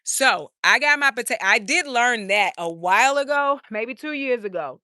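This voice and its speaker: Her voice sits on the high side, animated and sharp-toned at a normal speed. Live-streaming a tour of an outdoor urban garden, the channel host casually chats, reads viewer comments, laughs a lot and calls her audience "y'all." The sound is dry and clean, like a studio.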